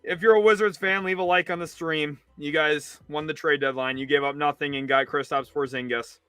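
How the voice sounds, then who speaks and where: A man's voice: fairly even intonation, a little fast, clean tone, dry recording, soft background music. Exasperated young man ranting live. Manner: exasperated, ranting, swings from loud outbursts to low mutters. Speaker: sports livestream host. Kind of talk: live reaction commentary.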